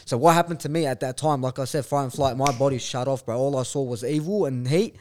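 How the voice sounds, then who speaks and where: A man's voice: mid-range voice, fast, darkish tone, a little hiss or hum. A man, a podcast guest telling a story bluntly, with lots of swearing and slang. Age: 20s. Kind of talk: casual chat.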